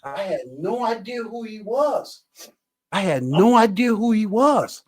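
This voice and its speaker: A man, a podcast guest telling a story with animated energy and acting out the lines he quotes. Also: sits high, unhurried, poor audio. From Mississippi. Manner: repeats and acts out his own quoted lines.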